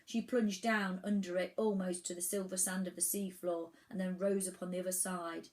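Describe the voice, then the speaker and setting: A woman reading a children's storybook aloud, telling it in an animated way with the odd restart. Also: lowish voice, moderate pace, low-quality recording. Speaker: children's book reader.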